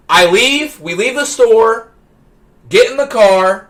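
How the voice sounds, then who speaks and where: A man on a live stream telling a story from his childhood, excitable, stumbling over restarts and working up to shouts. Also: extremely high pitch, slow. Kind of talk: animated anecdote telling.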